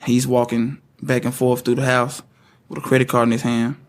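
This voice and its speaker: Halting man recounting events. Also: mid-range voice, little pitch movement. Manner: halting, repeats words as he speaks. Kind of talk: spoken first-person account.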